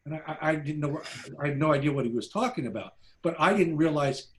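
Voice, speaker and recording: A man, a documentary filmmaker, casually telling behind-the-scenes stories to a class, animated and full of restarts. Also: on the high side, fast talker. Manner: animated anecdotes, acts out quoted voices, frequent restarts. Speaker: documentary filmmaker, guest speaker.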